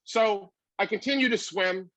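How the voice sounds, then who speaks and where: High-voiced male comedian telling a story. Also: measured pace, no echo, poor audio. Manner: animated anecdote telling. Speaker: comedian guest.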